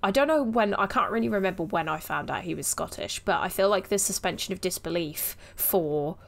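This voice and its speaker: A woman's voice: lowish voice, a little fast, gravelly. A woman in her twenties co-hosting a podcast in casual chat, giggling often between her remarks. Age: 20s. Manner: giggly, chatty, laughs often. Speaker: podcast co-host.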